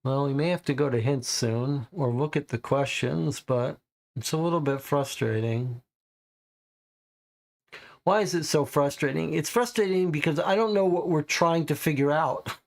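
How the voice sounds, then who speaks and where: A man's voice: fairly high pitch, normal speed, creaky. A man playing a co-op mystery game, casually talking through the clues and sounding puzzled and frustrated. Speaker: co-op game player. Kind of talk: casual live-play chat.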